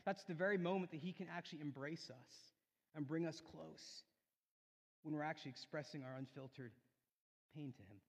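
A man preaching a sermon in a church, telling a personal story earnestly, rising loud and then dropping soft. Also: on the high side, brisk. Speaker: pastor. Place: church sanctuary. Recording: long hall reverb.

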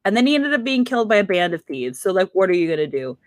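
A woman's voice: medium pitch, sing-song, fast talker, dry recording, close to an everyday voice. A woman playing a breezy queen who dismisses prophecies in casual modern slang during a comic retelling. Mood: dismissive. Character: royal wife, breezy and scoffing at prophecy.

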